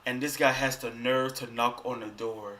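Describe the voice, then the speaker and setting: A man's voice: medium pitch, steady tone, moderate pace, sharp tone. A young adult man hosting a live reaction stream, talking back at the screen in casual slang. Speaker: livestream host.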